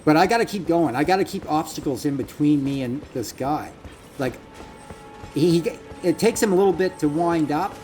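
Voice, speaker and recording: A man's voice: fairly high pitch, normal speed, poor audio. A man casually commentating on his own gameplay, swearing freely and voicing his inner thoughts as he goes. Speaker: gaming commentator. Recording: loud game music behind the voice. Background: loud game music.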